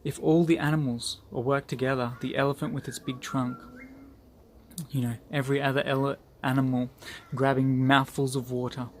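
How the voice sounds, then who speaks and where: A man's voice: mid-range voice, flat delivery, normal speed, a little hiss or hum. Earnest man giving a pep talk. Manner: earnest, repetitive for emphasis. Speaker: group leader. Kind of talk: motivational talk.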